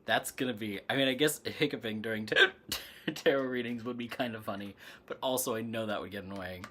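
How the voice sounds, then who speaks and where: A hiccuping host of a spiritual livestream talks in a loose, rambling way and keeps breaking into giggles. The voice sits at a middling pitch, and a faint hiss runs under the talk. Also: fairly quick, sharp tone. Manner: giggly, rambling, laughs often. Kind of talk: casual livestream chat.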